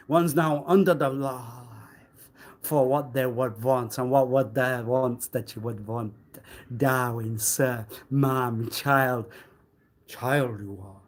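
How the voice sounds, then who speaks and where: A man on a live stream delivering a rambling, accusatory monologue, swinging between loud outbursts and low muttering. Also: takes it slowly. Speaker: livestreamer.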